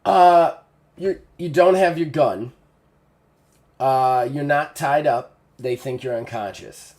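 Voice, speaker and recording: A man's voice: medium pitch, a little mellow. A man running a tabletop game as game master, narrating loosely with many fillers and restarts. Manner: loose, rambling narration with many fillers and quick character voices.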